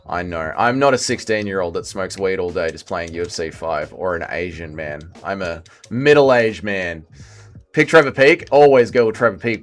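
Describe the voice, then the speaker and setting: A man's voice: low-pitched, moderate pace, faint music behind. A man, casually chatting and reading chat aloud while livestreaming a fighting game. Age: 30s. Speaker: streamer. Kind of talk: casual livestream gaming commentary.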